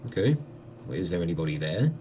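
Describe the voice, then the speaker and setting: A man's voice: low voice, very animated, fast talker, dark tone, slight background noise. A man, commenting on a game he plays with wry, joking asides. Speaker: let's play host.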